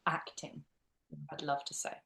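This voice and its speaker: Chatty Essex woman. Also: bright, forceful tone. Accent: Essex English. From England. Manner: chatty, quick answers, laughs easily. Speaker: guest, drama teacher and actress. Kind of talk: casual interview chat.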